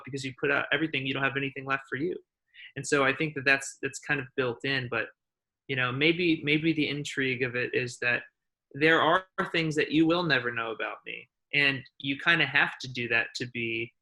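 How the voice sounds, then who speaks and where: Male guest, very bright tone, hesitant, restarts often. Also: medium pitch. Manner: hesitant, searching for words, many restarts. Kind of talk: casual conversation.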